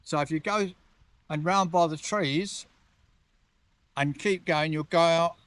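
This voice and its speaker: Halting man giving directions outdoors. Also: fairly high pitch, a bit bright, dry recording. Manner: halting, repeats words while explaining. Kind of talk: casual directions. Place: outdoors on a golf course.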